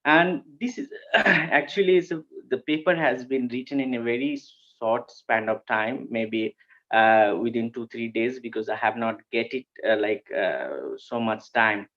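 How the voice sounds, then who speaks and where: A man, presenting a conference paper and pausing often with fillers and restarts. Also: mid-range voice, steady tone, fairly bright tone, highs cut off. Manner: hesitant, frequent fillers and restarts. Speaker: academic presenter.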